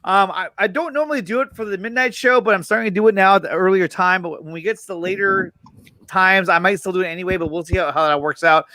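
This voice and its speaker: A man's voice: high-pitched, fast, pushed and bright, no room sound. A man hosting an online talk show, thanking guests and stumbling over his words. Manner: stammering, repeats words. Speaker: host. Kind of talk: casual online show chat.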